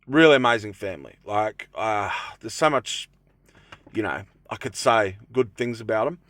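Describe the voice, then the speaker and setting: A man's voice: lowish voice, lively intonation, normal speed, a bit bright, no echo. A young man chatting casually to camera from his van, rambling with lots of fillers and restarts. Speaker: vlogger. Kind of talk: casual vlog talk to camera. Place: inside his camper van.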